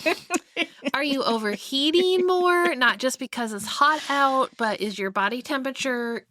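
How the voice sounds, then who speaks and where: A woman's voice: sits high, animated, normal speed, pushed and bright, no room sound. A middle-aged woman co-hosting a podcast, chatting casually and teasingly as she leads the talk. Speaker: podcast co-host. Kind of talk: casual chat.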